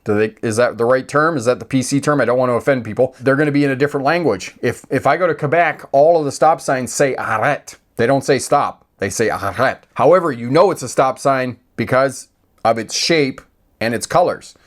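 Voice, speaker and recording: A Canadian man teaching driving on a live stream, talking in an easygoing, conversational way at a middling pitch. He keeps checking in with his viewers as he explains. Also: fairly quick. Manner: conversational, checks in with "okay?" and "all right?". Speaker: driving instructor.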